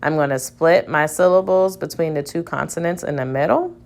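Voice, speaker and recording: A woman teacher slowly sounding out word syllables aloud in a phonics lesson. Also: low-pitched, gravelly, a little mellow.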